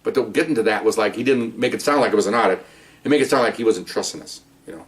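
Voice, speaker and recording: A middle-aged man, a former police officer, telling his own stories in an animated monologue with sarcastic asides. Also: lowish voice, racing. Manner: animated, sarcastic asides, mimics people he quotes. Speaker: retired police officer, podcast host. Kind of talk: storytelling monologue.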